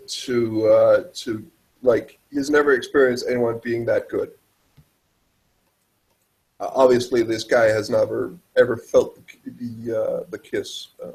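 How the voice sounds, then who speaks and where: A man narrating as game master, halting and restarting often. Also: medium pitch, a little mellow, poor audio. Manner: halting, full of fillers and restarts.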